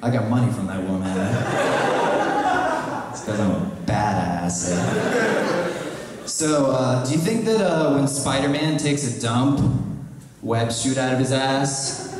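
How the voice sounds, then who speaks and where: A man's voice: medium pitch, unhurried, long pauses, heavy background noise. Young man doing stand-up, far off in an echoey room. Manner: deadpan absurd one-liners, shouted animal voices. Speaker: stand-up comedian. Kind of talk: stand-up comedy set. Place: small live venue with audience. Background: audience laughter.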